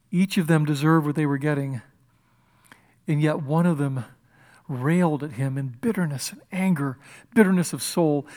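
A man preaching a sermon as pastor, impassioned, swinging from loud emphasis to hushed whispers. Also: a little high. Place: church.

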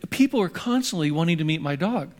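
An older man delivers a sermon in a loose, conversational way. He drifts through anecdotes with frequent restarts and asides. His voice sits slightly high for a man. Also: lively intonation, fast talker. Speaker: pastor.

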